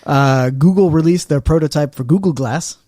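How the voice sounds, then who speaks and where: A man's voice: fairly high pitch, normal speed, mellow, no room sound. Podcast co-host, man, wry and opinionated, dry close recording. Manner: joking, opinionated, trails off mid-sentence. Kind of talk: casual chat.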